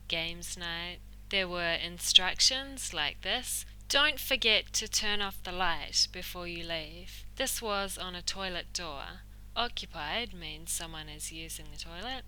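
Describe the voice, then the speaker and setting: A woman with a New Zealand accent gives a relaxed English lesson. She explains idioms and models pronunciation clearly, with a slightly low voice. The recording is roomy, with a faint hiss behind it. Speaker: English teacher and host.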